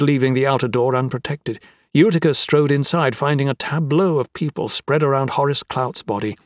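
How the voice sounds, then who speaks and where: A man's voice: mid-range voice, dry recording. Dry, close male audiobook narrator.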